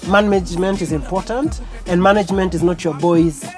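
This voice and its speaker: A man, a music-industry insider in a casual chat, confident and opinionated and quick to tease. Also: high-pitched. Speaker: music industry guest and co-host.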